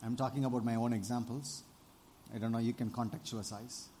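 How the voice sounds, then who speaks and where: A man preaching a sermon, animated, often asking the congregation for amens and rising to loud exclamations. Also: medium pitch, fairly quick, slight background noise. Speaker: pastor.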